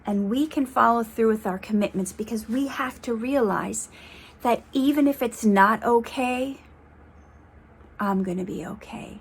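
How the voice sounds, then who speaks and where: A young woman with a slightly high voice talks straight to her viewers in a casual motivational vlog. She is earnest and encouraging, speaking about faith and trust. Her sentences often restart as she gathers her thoughts. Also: a little slow, husky. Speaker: motivational vlogger.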